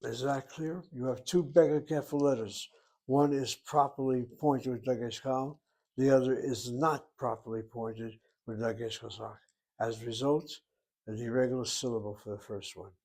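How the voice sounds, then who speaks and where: A man's voice: medium pitch, fairly even intonation, normal speed, darkish tone. A man teaching a Hebrew grammar lesson, working through each word step by step and reasoning aloud as he goes. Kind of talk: grammar lecture.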